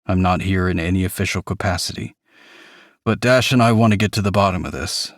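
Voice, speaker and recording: A man's voice: low-pitched, fairly quick, dry recording, clean studio sound. A man reading the part of a grieving man on leave from a sheriff's office, who speaks tersely and with restraint. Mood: earnest.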